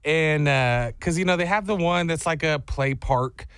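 Animated storytelling man, dry studio sound. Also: on the high side, normal speed, clear, resonant tone, no echo. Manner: animated, acts out voices in his stories. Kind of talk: casual storytelling chat.

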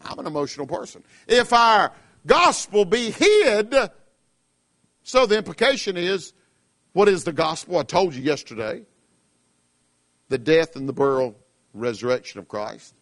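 Southern preacher, high-pitched, fervent, shouts at peaks, mimics his listeners. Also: lively intonation, normal speed, long pauses. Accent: Southern American. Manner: impassioned, rising to shouts, acting out listeners' objections. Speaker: pastor. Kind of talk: radio sermon.

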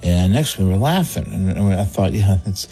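Low-voiced man telling a funny story. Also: level tone, moderate pace, mellow, slightly rough. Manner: rambling, chuckling, mimics voices in quotes. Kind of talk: comic personal story on a radio show.

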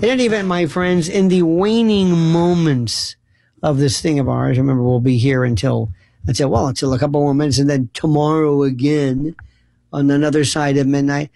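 A man hosts a late-night call-in radio show in a high, gravelly voice. He talks in a theatrical, effusive way, full of quick asides. Faint music plays behind him. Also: fairly even intonation, warm tone, dry recording. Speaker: radio talk show host.

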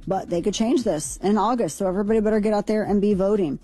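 A woman's voice: mid-range voice, quick pace, dark tone, dry recording. A woman from Missouri, co-hosting a radio show, running through news stories in a chatty, opinionated, wry way. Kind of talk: casual news chat.

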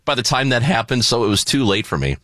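A man co-hosting a talk show, telling an embarrassing story in a casual, animated, self-mocking way. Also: mid-range voice, fast, no echo.

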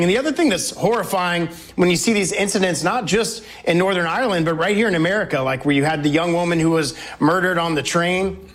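A man serving as a congressman, a guest on an interview show. His voice sits a bit higher than most men's. He speaks in an emphatic, talking-point style. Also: fairly bright tone.

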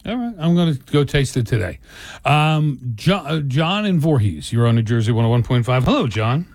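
A man's voice: medium pitch, big pitch swings, moderate pace, darkish tone, no echo. Rambling older male radio co-host. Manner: rambling, many restarts and asides. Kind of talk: casual radio talk. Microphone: studio microphone.

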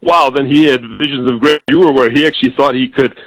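A man's voice: mid-range voice, steady tone, brisk, no echo, poor audio. A man from Michigan calling into a radio talk show, rambling in long run-on stretches full of fillers. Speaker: caller.

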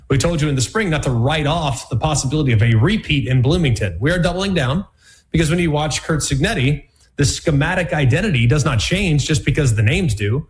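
A man hosting a college football analysis show, talking in a punchy, emphatic way with plenty of repetition. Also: medium pitch. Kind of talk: sports commentary show.

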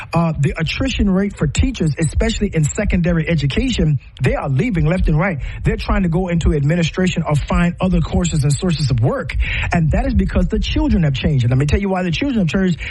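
A man's voice: high voice, darkish tone, breathy edge, poor audio. A man giving an impassioned, preaching-style talk full of rhetorical questions, his voice rising and falling sharply. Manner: passionate, rhetorical questions, rises and falls sharply. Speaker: speaker on parenting.

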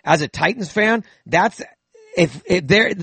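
A man's voice: high-pitched, animated, a little slow, creaky, fairly bright tone, breathy edge, no echo. A man chatting casually about football broadcasts, rambling with frequent restarts and fillers. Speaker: co-host. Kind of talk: casual sports chat.

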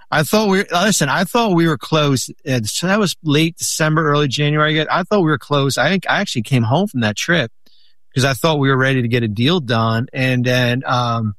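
A man telling long stories in a casual chat, rambling with many restarts and lively quoted lines. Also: medium pitch, normal speed, no room sound. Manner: rambling, many restarts, animated when quoting. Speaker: guest, former basketball executive.

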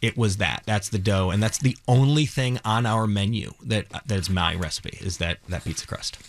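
Earnest, quick-talking male bar owner. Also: lowish voice. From Cleveland, Ohio. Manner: earnest, fast, with many restarts. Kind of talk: casual interview. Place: radio studio.

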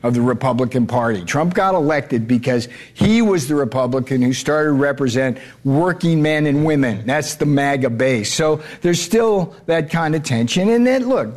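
A man answers an interviewer bluntly, leaning hard on his points. He restarts and repeats words as he goes. His voice sits a little high for a man. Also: lively intonation, moderate pace, few pauses. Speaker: trade adviser guest.

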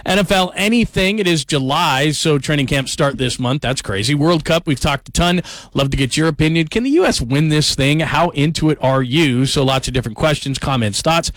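Brisk male sports radio host. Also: a little high, lively intonation, a bit bright, no echo. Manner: upbeat, brisk, inviting callers. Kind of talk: talk radio hosting. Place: radio studio. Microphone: studio microphone.

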